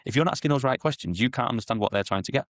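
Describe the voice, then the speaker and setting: A man, a podcast guest explaining sales in an animated way and acting out client conversations. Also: medium pitch, rapid-fire, no room sound, clean studio sound. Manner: animated, acts out sales dialogues in quotes. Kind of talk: podcast interview.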